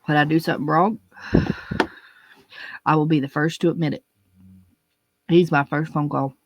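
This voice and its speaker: A young adult delivers an unscripted rant at normal speed, blunt and full of swearing, emphatically repeating words to drive points home. The middle-pitched voice has fairly even intonation and sounds close and dry, with no room around it.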